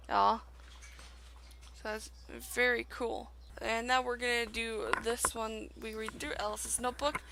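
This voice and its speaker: A young woman hosts a let's play, chatting casually and loosely over her gameplay at a desk mic. Her voice is a touch high and bright, with a gravelly edge. Faint game music sits underneath. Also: steady tone, unhurried, low-quality recording. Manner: chatty, with many fillers.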